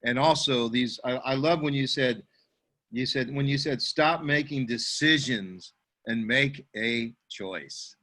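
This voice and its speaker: A man in his fifties, a network marketing veteran, giving halting praise with many restarts on a video call. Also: medium pitch, sharp tone.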